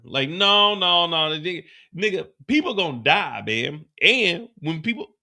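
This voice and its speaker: Male host for a casual recap stream, animated and cussing freely, bright forceful voice. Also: fairly high pitch, moderate pace, few pauses. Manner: animated, profane, slangy. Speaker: livestream host.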